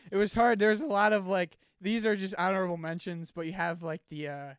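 A young man co-hosting a podcast in casual chat, playful and quick to laugh. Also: high-pitched, fairly even intonation, smooth, no echo, studio quality. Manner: playful, laughs often, acts out quoted greetings. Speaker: podcast co-host.

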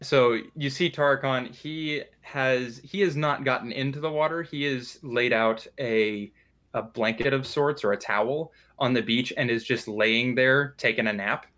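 Male game master narrating a tabletop game, relaxed and descriptive. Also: mid-range voice, a little slow. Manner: loose, descriptive, with fillers and restarts.

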